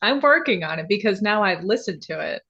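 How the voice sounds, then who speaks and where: Woman, podcast co-host, soft quiet mousy voice, mid pitch, playful and giggly, slightly dull recording. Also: expressive, brisk, crowd noise. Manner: playful teasing, laughing easily. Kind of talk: casual podcast chat.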